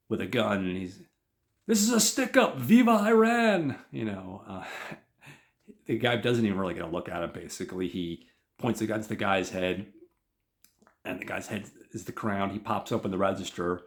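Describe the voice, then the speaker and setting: A podcast host casually retelling a TV episode, rambling and leaning on lots of fillers. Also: male voice, deep voice, moderate pace, long pauses.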